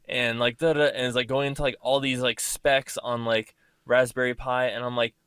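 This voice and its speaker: A man's voice: mid-range voice, level tone, normal speed, few pauses, fairly bright tone, smooth, no room sound. A man hosting a podcast, chatting loosely and filling his talk with "like". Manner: loose, filler-heavy, says "like" constantly. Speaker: podcast host. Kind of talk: casual podcast chat.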